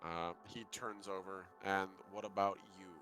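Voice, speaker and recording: A man running a tabletop game as game master, calmly narrating actions step by step. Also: deep voice, moderate pace, faint music behind.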